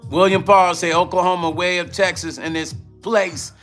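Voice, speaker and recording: An older man with a New York accent chats loosely with his livestream viewers, full of slang and shout-outs. His voice sits high and sounds bright and forceful. Soft music plays faintly in the background. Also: steady tone, moderate pace. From Brooklyn, New York. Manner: slangy, repetitive, shout-outs to chat, laughs often. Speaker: music vlogger hosting a livestream. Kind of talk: casual livestream chat with viewers.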